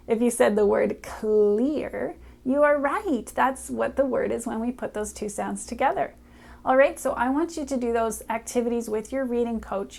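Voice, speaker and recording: A woman reading teacher speaks straight to a small child in a bright, encouraging lesson voice, sounding out each letter slowly and clearly. Her voice sits a little high, with a gravelly fry at the ends of phrases.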